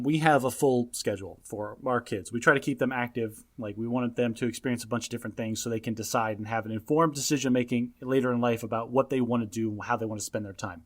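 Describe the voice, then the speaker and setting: Emphatic lecturing male podcast co-host. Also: mid-range voice. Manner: emphatic, lecturing when recounting parenting. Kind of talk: casual podcast chat.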